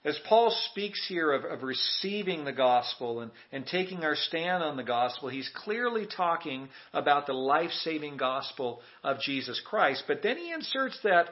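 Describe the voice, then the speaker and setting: A man's voice: fairly high pitch, sing-song, moderate pace, hardly any pauses, dull audio. A man preaching a sermon as pastor, emphatic and calling on the congregation to repeat lines back. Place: church sanctuary.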